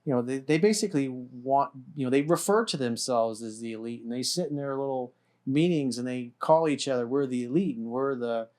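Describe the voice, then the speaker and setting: A man's voice: mid-range voice, animated, fairly quick, darkish tone. A man hosting a casual discussion, talking bluntly and emphatically, swearing freely. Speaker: host.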